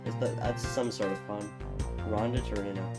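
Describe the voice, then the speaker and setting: A man's voice: lowish voice, steady tone, normal speed. A man streaming a game, chatting casually and muttering asides between reading lines. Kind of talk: casual game playthrough with voice acting. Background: game music.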